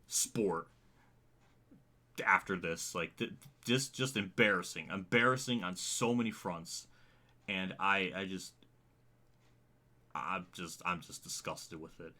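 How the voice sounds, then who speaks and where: Fed-up man ranting, bright edge. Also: deep voice. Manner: exasperated, profane, halting restarts. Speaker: racing channel host. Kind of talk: angry rant to camera.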